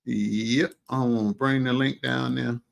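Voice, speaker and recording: With a medium-pitched voice touched by vocal fry, this livestream host keeps a casual chat lively and exclamatory. He fills the gaps with long hums and folksy asides.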